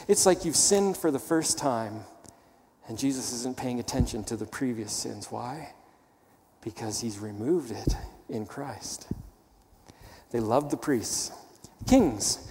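Male pastor, fairly high voice, emphatic sermon delivery, long hall reverb. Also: warm tone, a little hiss or hum. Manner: emphatic, teaching with rhetorical questions.

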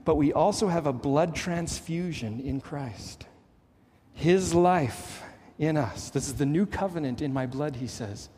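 Middle-aged Canadian-raised male pastor, earnest sermon delivery, slightly high voice, long reverb of a church hall. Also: slightly rough. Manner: earnest preaching, rising to emphatic highs and dropping to hushed lows.

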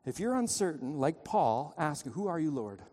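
A man preaching a sermon, telling a story and pleading with his listeners, his voice swinging between loud and hushed. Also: fairly high pitch, big pitch swings, moderate pace. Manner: storytelling, urgent pleading, dramatic shifts in loudness. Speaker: pastor. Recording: long reverb of a church hall.

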